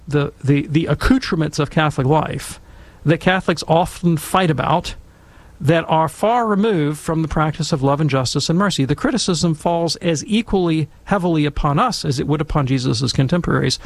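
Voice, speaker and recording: Brief: gravelly man, slightly higher voice, animated storyteller. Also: moderate pace, no echo. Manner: animated, emphatic, conversational. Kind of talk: casual storytelling and commentary.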